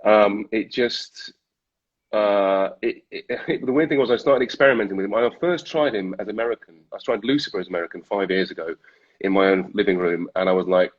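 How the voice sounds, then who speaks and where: British male actor guest, husky, self-mocking, muffled call audio. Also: on the low side. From Britain. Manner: self-deprecating, laughs often, halting restarts. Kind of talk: casual interview chat.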